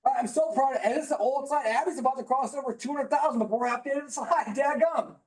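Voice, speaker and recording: Very high-voiced fired-up male speaker. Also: quick pace. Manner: emphatic, preachy, sometimes yelling. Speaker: motivational speaker at a business training. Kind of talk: high-energy motivational seminar talk. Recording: roomy echo in a hall.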